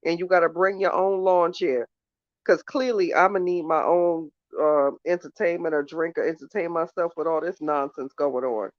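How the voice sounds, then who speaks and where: A woman's voice: fairly low pitch, no echo. Irritated lady venting straight at the camera, chatty, muffled dry phone audio. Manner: exasperated, ranting, talks straight to viewers. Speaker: vlogger. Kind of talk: casual chat to camera.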